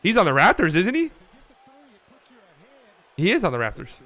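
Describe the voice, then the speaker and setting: Smooth-voiced man calling a game casually. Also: high-pitched, normal speed, pauses often. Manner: swings between calm calls and excited outbursts, swears casually. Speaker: watch party host. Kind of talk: casual live play-by-play commentary.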